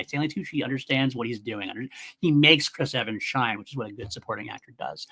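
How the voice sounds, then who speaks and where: A man's voice: medium pitch, a bit bright, slightly rough. A middle-aged man co-hosting a casual film review podcast, earnest and analytical with frequent chuckles. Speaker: podcast co-host.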